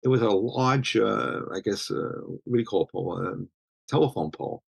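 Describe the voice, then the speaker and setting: A man's voice: lowish voice, animated, normal speed, vocal fry, husky, no room sound. A man, telling stories in casual chat, rambling with many restarts. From Brooklyn, New York. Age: 70s. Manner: rambling, full of restarts and you-knows. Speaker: interviewee, street photographer.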